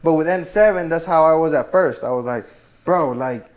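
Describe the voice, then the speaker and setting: A man's voice: on the high side, brisk. A man hosting a casual podcast, a bit drunk, giving blunt big-brother advice in slang. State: tipsy. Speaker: podcast host.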